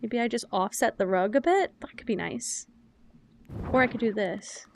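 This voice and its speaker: A woman's voice: medium pitch, moderate pace, gravelly, slight background noise. A young adult woman streamer chatting casually and openly while she plays a game. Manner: chatty, animated, self-described loud and yappy. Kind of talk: casual chat while gaming.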